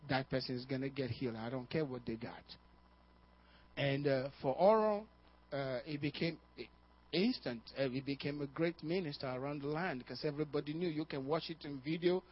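A man preaching a sermon as a pastor, telling a story with frequent "uh" and calls of "Amen?", swinging between hushed and loud. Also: on the high side, moderate pace, slightly rough. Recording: dull, muffled sermon recording.

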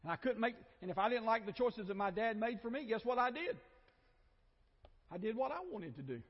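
A man's voice: high-pitched, lively intonation, fairly quick. A man with a Southern American accent preaching a sermon in a conversational way, with joking asides and repeated phrases, in a church. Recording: dull, echoey church hall recording.

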